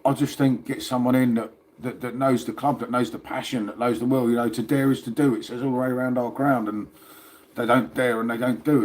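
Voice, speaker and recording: A man's voice: mid-range voice, darkish tone. A man hosting a casual livestream from his phone, chatting and rambling and calling his viewers "mate". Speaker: livestream host.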